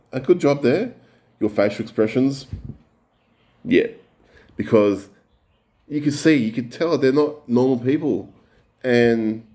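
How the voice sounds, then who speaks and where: An Australian man reacting to clips in a profane, mocking rant, his pitch jumping up when he gets heated. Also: warm tone. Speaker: reaction video commentator.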